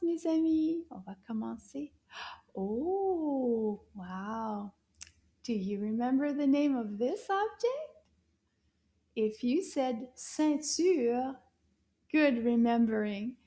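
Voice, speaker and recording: A woman teaching a French lesson to children, speaking slowly and clearly in an encouraging teacher's way. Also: high voice, warm tone. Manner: slow, clear, encouraging teacher talk with drawn-out words.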